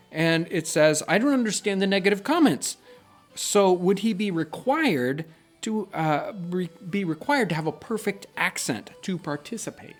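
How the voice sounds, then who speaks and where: A middle-aged man hosts a casual Q&A, answering viewers in an earnest, explanatory way. His voice sits somewhat high for a man. Soft music plays faintly underneath. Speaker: channel host. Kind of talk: casual Q&A chat.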